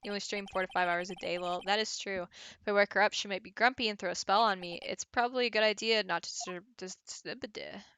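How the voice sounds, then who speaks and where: A woman's voice: mid-range voice, steady tone, quick pace, fairly bright tone, smooth, dry recording. A woman streaming a game from home, chatting casually with viewers and reading game text aloud with little laughs.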